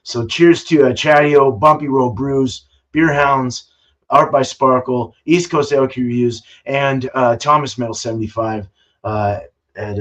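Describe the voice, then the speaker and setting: A man's voice: mid-range voice, measured pace, fairly bright tone. A man hosting a casual home-brew live stream, talking loosely with lots of fillers and swearing. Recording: dull lo-fi stream audio.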